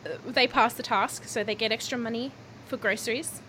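A woman's voice: fairly high pitch, fairly even intonation, a little fast, pushed and bright, a little hiss or hum. A woman co-hosting a podcast, giggly and teasing in casual chat. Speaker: podcast co-host. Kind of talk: casual chat recapping a reality show.

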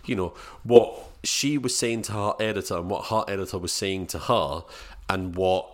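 A man's voice: deep voice, normal speed. A man co-hosting a casual film review podcast, rambling and retelling scenes in quoted voices. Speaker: podcast co-host.

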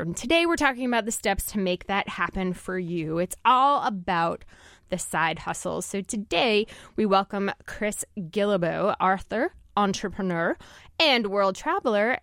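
A woman's voice: medium pitch, dry recording, studio quality. A woman hosting a radio talk show, upbeat and chatty, laughing often. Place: radio studio.

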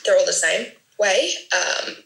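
Bright-voiced Australian actress, chatty. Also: female voice, medium pitch, lively intonation, creaky, roomy sound, rough recording. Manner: modest, chatty, quick to laugh. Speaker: actor guest. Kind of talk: casual interview chat.

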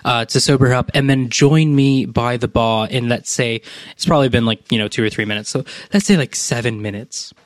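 A man's voice: mid-range voice, fairly quick, no echo. Chatty man, dry close sound. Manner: chatty, joking, thinks aloud. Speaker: player. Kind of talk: casual tabletop game play.

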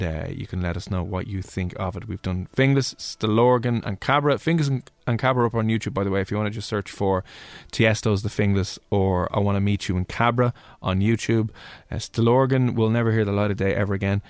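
A man's voice: lowish voice, fairly even intonation, brisk, dry recording. A young Irish man with a Dublin accent, hosting a radio show in casual, jokey, rambling chat. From Ireland. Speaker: radio host.

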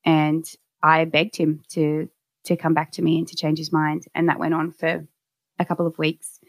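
Low-voiced woman telling her story. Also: completely flat delivery, normal speed, creaky, no echo. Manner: candid, reflective, with frequent restarts. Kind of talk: personal storytelling.

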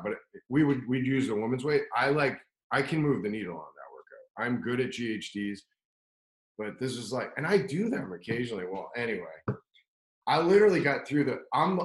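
A man's voice: mid-range voice, a bit bright, echoey room, poor audio. A man telling a long story in casual chat, rambling and profane, with lots of "like" and restarts. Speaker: podcast guest telling a story.

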